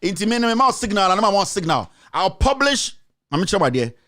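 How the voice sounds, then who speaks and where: A man's voice: high voice, sing-song, moderate pace, bright, forceful tone. A man with a Ghanaian accent delivering a heated political rant, repeating his accusations with emphasis. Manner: mixes in another language. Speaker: commentator.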